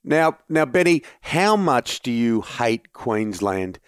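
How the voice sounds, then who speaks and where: A man's voice: medium pitch, sing-song, slow pace, smooth, no echo, clean studio sound. A man co-hosting a casual radio chat, teasing and prompting his guest. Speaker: host.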